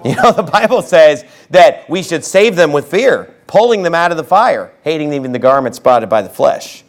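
A man with a high voice delivers a fiery sermon from the pulpit. He swings from low, quiet asides to loud outbursts, and he slows down hard whenever he quotes scripture. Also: expressive. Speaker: pastor.

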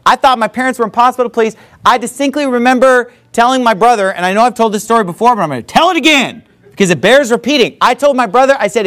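A man's voice: very high-pitched, quick pace, fairly bright tone. A man preaching a sermon in an emphatic, conversational way, full of repeated asides. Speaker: pastor.

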